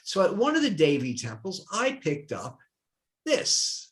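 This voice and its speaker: An older retired professor from New Jersey, USA, appears as a guest in a dialogue and tells personal anecdotes in an animated way. His voice sits high and he speaks a little slowly.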